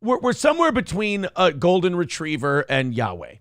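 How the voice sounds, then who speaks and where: A man's voice: high-pitched, wildly swooping pitch, moderate pace, fairly bright tone, dry recording, clean studio sound. A man co-hosting a talk show, bantering playfully with mock-grand declarations. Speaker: co-host. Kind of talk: casual chat.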